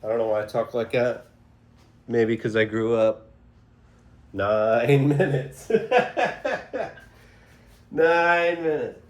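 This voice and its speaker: In a steady, medium-pitched voice, a man talks slowly with long pauses as he hosts an informal spiritual monologue full of tangents and self-interruptions. The phone recording sounds far away in an echoey room, with a faint hiss.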